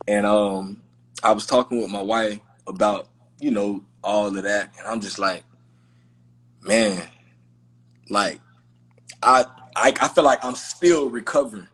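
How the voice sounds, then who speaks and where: A man's voice: lowish voice, unhurried, long pauses, fairly bright tone, husky. A man hosting a podcast in casual conversation, talking in an emphatic, heartfelt way with lots of slangy fillers. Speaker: podcast host.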